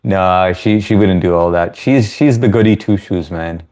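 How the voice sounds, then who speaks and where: A man's voice: low-pitched, moderate pace, a little mellow. A man in his thirties from the US, hosting a casual livestream Q&A, reading chat messages and rambling in a friendly way with many restarts. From United States. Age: 30s. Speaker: livestream host.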